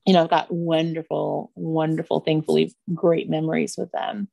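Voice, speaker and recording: A woman's voice: deep voice, level tone, normal speed, creaky, mellow, no room sound, clean studio sound. A middle-aged woman telling fond family stories in an interview, often laughing as she talks. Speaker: interview guest. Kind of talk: conversational storytelling.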